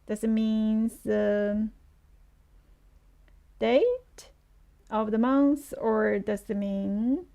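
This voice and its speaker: A woman's voice: on the high side, fairly even intonation, extremely slow, creaky, pauses often, mellow. A woman with a Chinese accent teaching a live online lesson, patiently repeating words for her learners.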